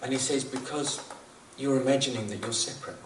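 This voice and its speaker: Here a New Zealander with a mid-range voice talks a little fast, earnestly offering spiritual teachings in a reflective way and often saying things twice. He chuckles at his own jokes. He sounds far off in an echoey room, with a little hiss or hum.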